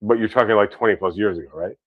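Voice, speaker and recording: A man's voice: lowish voice, racing, dry recording, narrow, tinny audio. A man in his thirties with a New York accent, hosting a casual chat, rambling with repeated words and casual swearing. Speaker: podcast host.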